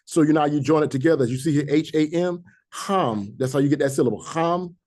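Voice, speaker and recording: A man teaching a Hebrew reading class, patiently explaining rules and sounding out syllables slowly, one by one. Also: fairly high pitch, steady tone, warm tone. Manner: patient, repeats sounds slowly to demonstrate pronunciation. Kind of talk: classroom language lesson.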